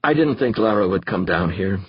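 A man's voice: animated, a little fast, breathy edge, no room sound, lo-fi sound. A man voicing a bitter, crude male biologist who talks curtly and swears. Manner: curt, swearing, low and tired.

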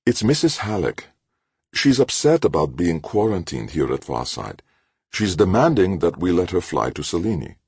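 A man's voice: lowish voice, wildly swooping pitch, normal speed, creaky, husky, dry recording, pitched above the performer's own voice, full character voice. A man voicing a fretful older male professor who pleads anxiously. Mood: worried.

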